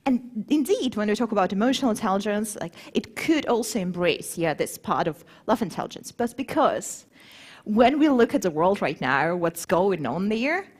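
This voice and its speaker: Lively woman giving a conference talk. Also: medium pitch, husky. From grew up between Moscow and Warsaw. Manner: lively, engaging, asks the audience questions. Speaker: conference speaker.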